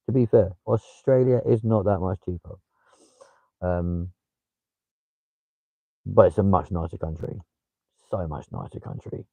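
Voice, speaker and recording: A man's voice: deep voice, unhurried, creaky, pauses often, slightly rough, no echo, phone-quality sound. A young man with a London accent chatting casually on a livestream, swearing freely and replying to viewers. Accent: London English. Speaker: livestream host.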